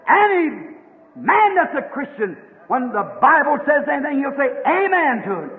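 A man preaching a fervent, rhythmic revival sermon that breaks into shouts. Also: very high-pitched, very animated, moderate pace. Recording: tinny old tape in a long-echoing hall.

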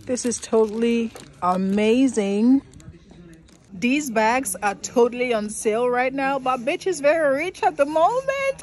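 Slow-talking excitable young woman vlogger. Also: high voice. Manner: chatty, excitable, laughs often. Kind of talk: casual vlog chat while shopping. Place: shopping mall.

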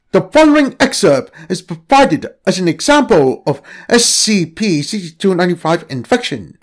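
A man reading a story aloud as narrator, in an expressive storytelling manner. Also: sits high. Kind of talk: scripted narration.

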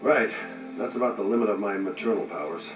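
An actor playing a middle-aged detective, speaking softly and coaxingly to a baby, in a video game. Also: male voice, on the low side, fast, close to an everyday voice. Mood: wry. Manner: soft, coaxing baby talk. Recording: roomy, distant game audio with music.

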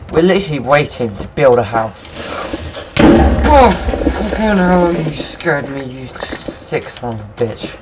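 A young man giving casual, excitable game commentary at his computer, swearing often and talking to himself. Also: mid-range voice, moderate pace, few pauses, background noise. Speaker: gaming video maker. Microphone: computer mic, no headset.

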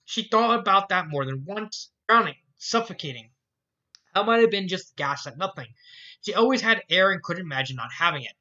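Amateur fanfic reader, stumbles a lot, swears at the text sometimes, bright tone, muffled mic. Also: medium pitch, animated, normal speed. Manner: stumbles and restarts, laughs and swears in asides. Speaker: fan fiction reader. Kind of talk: amateur fan fiction reading.

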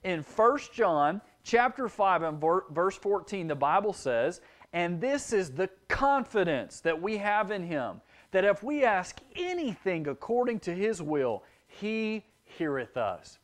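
A young man teaching a children's sermon, speaking with animated expression and acting out children's voices. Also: high-pitched, unhurried.

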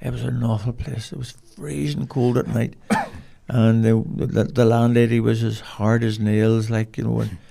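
A man's voice: mid-range voice, level tone, moderate pace, gravelly, few pauses, dark tone. An older man, a podcast guest telling rambling, colloquial stories in a casual interview. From Cork, Ireland.

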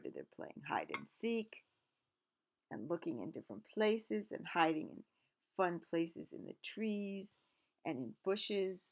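A woman reading a picture book aloud, stopping often in a gentle, expressive way to explain the pictures. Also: fairly low pitch, slow, gravelly, slight background noise.

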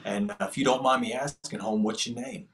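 A man's voice: medium pitch, a little fast, fairly bright tone, a little hiss or hum. A man, a podcast guest telling an earnest testimony story in casual, slangy speech. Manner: earnest, slangy prison storytelling with quoted dialogue.

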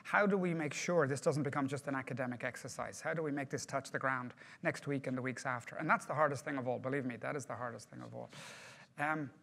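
A man's voice: medium pitch, fast talker, gravelly, a bit bright. A man giving a project management workshop to a group, talking conversationally and putting questions to the audience.

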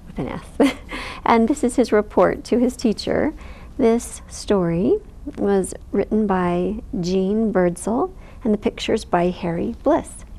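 Woman host, mellow, slow book introductions. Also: medium pitch, creaky, poor audio. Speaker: storytime host. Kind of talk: children's storytime reading.

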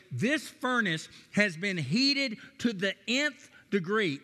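Bright-voiced Southern preacher in his sixties. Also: high voice, long reverb tail. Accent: Tennessee and Texan Southern American. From Nashville, Tennessee, USA. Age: 60s. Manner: folksy storytelling, self-deprecating humor. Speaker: guest pastor. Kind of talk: sermon.

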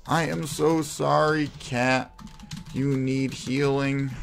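A man's voice: mid-range voice, flat delivery, slow, gravelly, soft background music. A man giving melodramatic gameplay commentary, sighing heavily and lamenting in theatrical self-pity. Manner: theatrical self-pitying despair with heavy sighs. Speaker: gameplay video creator.

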